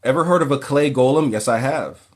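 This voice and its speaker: A man hosting a casual livestream Q&A who reads viewers' questions aloud and answers in a relaxed, plain way. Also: medium pitch, fairly quick. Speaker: occult livestream host.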